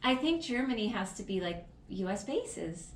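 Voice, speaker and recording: A woman's voice: mid-range voice, very animated, moderate pace, recorded from a distance. A woman co-hosting a podcast in casual chat, giggly and chatty, often trailing off mid-thought. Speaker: podcast co-host. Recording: roomy echo.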